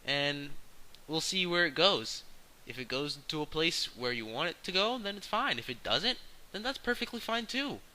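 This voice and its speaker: A man's voice: normal speed, poor audio. A man talking casually to his camera, giving a blunt, slang-heavy opinion rant full of swearing. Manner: loud and excited early, calmer and lower later. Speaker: vlogger.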